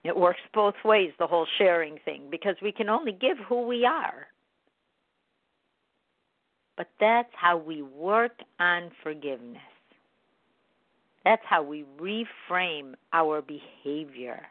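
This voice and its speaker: A self-help speaker giving a reflective spoken monologue in an earnest, gently coaching manner. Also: mid-range voice, animated, slow pace, long pauses, no room sound. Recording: tinny phone-like dry recording.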